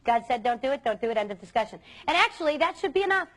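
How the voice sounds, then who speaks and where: A woman's voice: sits high, lively intonation, rapid-fire. A woman youth speaker giving an earnest, emphatic motivational talk to students.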